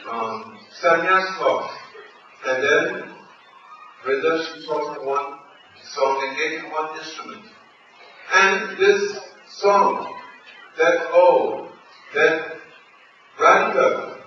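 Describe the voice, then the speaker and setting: A man giving a devotional sermon, telling a sacred story with animated emphasis on the quoted lines. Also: fairly high pitch. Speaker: spiritual teacher. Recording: roomy, distant, dull lo-fi recording with faint noise.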